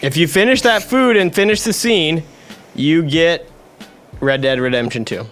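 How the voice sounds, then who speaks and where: A man's voice: on the high side, a little slow, a bit bright, soft background music. A man hosting a livestream, bossy and profane as he gives orders. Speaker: livestream host. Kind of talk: livestream chat.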